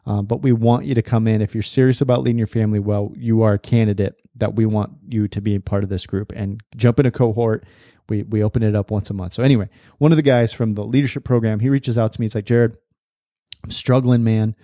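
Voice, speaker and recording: A man's voice: on the low side, steady tone, fast talker, dark tone, no room sound, studio quality. A man in his thirties hosting a podcast in a casual, chatty monologue, laughing often and calling listeners "man". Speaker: podcast host.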